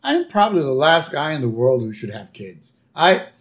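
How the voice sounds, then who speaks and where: A man's voice: fairly high pitch, sing-song, normal speed. A man voicing a bumbling middle-aged cartoon father who stammers through excuses. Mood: flustered.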